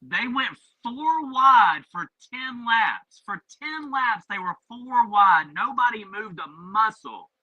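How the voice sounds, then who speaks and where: A man talking on a radio show, telling stories in an animated, emphatic way. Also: very high-pitched, slow, hardly any pauses, dull audio. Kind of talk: casual radio talk.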